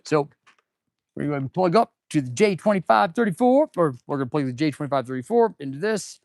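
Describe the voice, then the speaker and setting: A man's voice: a little high, animated, a little fast, no room sound, studio quality. A man who is a mechanic, chatting casually on a live stream while he works in an auto repair shop, laid-back and calling viewers "dude.". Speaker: auto mechanic and channel host.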